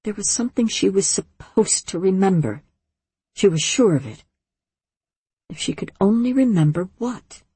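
Husky woman reading a storybook. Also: mid-range voice, animated, no echo. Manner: measured, gentle storytelling. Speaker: audiobook narrator. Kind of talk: scripted narration.

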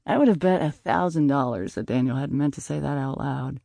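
A man narrating a first-person audiobook in a measured, conversational storytelling manner. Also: mid-range voice, gravelly, mellow, no echo, clean studio sound.

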